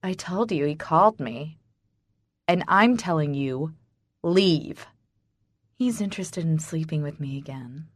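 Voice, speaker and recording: A woman narrator voicing a sly, spiteful young woman who taunts slowly and quietly in an audiobook. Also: deep voice, animated, no echo. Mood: taunting.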